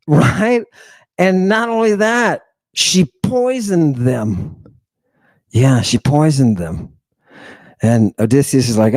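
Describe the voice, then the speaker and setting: Male lecturer, slightly high voice, irreverent and jokey, dry close sound. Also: expressive, slow, long pauses, a little mellow, no room sound. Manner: irreverent, joking, talks over himself and restarts. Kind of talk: casual livestream lecture.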